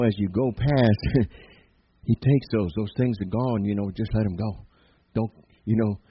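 A man's voice: mid-range voice, lo-fi sound, a little hiss or hum. A man preaching a sermon in a church, emphatic and punctuated with frequent amens. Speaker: pastor. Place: church sanctuary.

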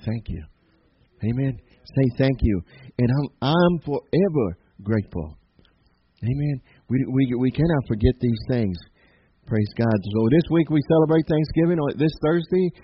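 A male pastor delivers an emphatic sermon to his congregation, calling out amens between lines. His voice is husky and mid-pitched, and the church recording sounds dull and muffled. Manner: emphatic call-and-response preaching with frequent amens. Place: church sanctuary.

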